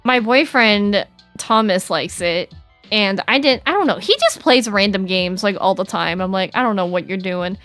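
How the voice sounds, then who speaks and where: A woman's voice: medium pitch, lively intonation, normal speed, fairly bright tone, dry recording, soft background music. A young adult woman streaming, chatting casually with her chat in a bubbly, giggly, rambling way.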